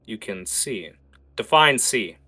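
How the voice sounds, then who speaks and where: Bright-voiced game master, animated. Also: male voice, fairly low pitch, slow pace. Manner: animated, lots of filler words. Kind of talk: narrating a tabletop game.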